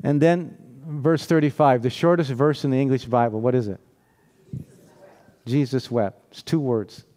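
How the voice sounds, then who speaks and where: A man's voice: mid-range voice, steady tone, normal speed, mellow. A man preaching a sermon in a conversational, storytelling way, often asking rhetorical questions and laughing.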